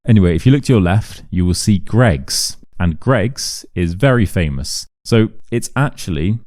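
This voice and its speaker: A young Englishman who teaches English chats animatedly while walking through city streets, telling stories and acting out voices in a casual walk-and-talk vlog. He speaks modern RP British English in a low voice at normal speed, and the studio-clean recording has no room sound.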